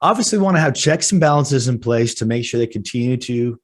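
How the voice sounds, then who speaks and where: A man in his forties talks on a business podcast like a lively storyteller. He leans into his anecdotes and plays out his own voice in the scenes he recalls. His pitch and speaking level sit in an ordinary middle range. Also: fast talker. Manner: animated storyteller, acts out his own panicked lines. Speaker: podcast co-host. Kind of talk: casual podcast chat.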